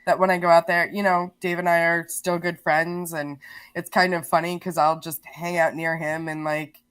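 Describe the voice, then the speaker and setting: A woman guest on a podcast, telling stories in a casual, animated way, laughing often and restarting her sentences. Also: on the low side, moderate pace, smooth. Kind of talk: casual storytelling.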